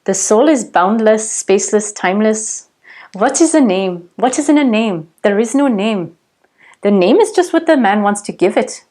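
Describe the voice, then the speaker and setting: A lofty, unhurried spiritual guru, as a woman puts him on speaks in a fake Indian accent. The words come slow, grand and sing-song, and the voice sits a little back from the mic. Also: mid-range voice, expressive, dark tone, close to an everyday voice. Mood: serene, lofty. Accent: put-on Indian accent.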